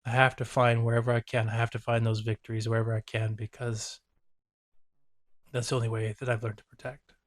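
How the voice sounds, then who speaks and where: A man's voice: mid-range voice, little pitch movement, a little fast. A man who is a therapist and host, giving earnest, reflective reaction commentary and openly saying when he is moved.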